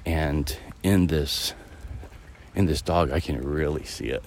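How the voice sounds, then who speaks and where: A man's voice: extremely low pitch, slow, darkish tone, slight background noise. A man hosting a podcast, talking in a loose, rambling reflective monologue while out walking his dog, with many fillers and restarts. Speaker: podcast host. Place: outdoors, walking a dog through a neighborhood.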